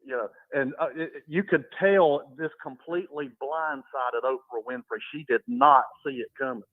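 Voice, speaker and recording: A man's voice: mid-range voice, moderate pace, dry recording, phone-quality sound. A man chatting casually on a talk show, telling funny stories in a laid-back way and laughing at them. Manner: laid-back storyteller, chuckles often. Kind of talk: casual chat.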